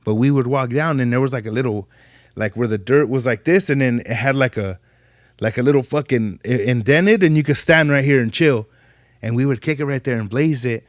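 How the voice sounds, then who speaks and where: A young man telling animated stories in casual podcast chat, full of profane slang. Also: fairly quick, no echo, clean studio sound. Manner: animated, profane street slang, jumps pitch when quoting people. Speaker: podcast guest.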